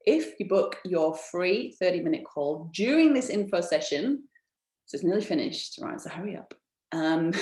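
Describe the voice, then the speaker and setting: A chatty woman hosts a live webinar and pitches her business with upbeat energy, laughing often and speaking straight to her viewers. Her voice sits a little low for a woman. The room has a noticeable echo. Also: darkish tone. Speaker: business founder hosting an online info session.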